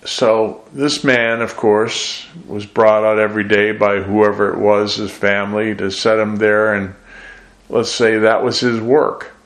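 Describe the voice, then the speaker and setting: A man preaching a sermon, reading scripture aloud and then explaining it in a measured way with gentle self-deprecating asides. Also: fairly low pitch, level tone.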